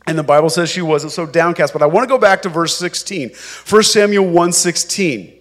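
A male pastor preaching a sermon, slow and emphatic, acting out the people in the story as he goes. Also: fairly high pitch.

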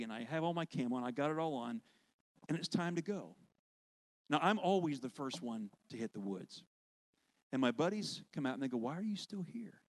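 A worship leader preaching with lively, conversational storytelling. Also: male voice, mid-range voice. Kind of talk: sermon storytelling.

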